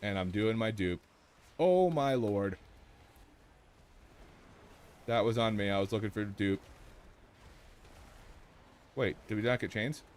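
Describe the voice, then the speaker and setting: A man streaming a game live, joking excitedly with his chat and teammates as he plays. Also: lowish voice, slow pace, pauses often, slight background noise. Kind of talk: live gameplay commentary.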